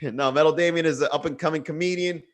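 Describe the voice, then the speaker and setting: Male comic hosting a live stream, fairly high voice, casual and worked up. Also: quick pace. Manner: animated, ranting and jokey. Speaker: comedian hosting a daily livestream. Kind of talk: casual livestream chat giving viewer shout-outs.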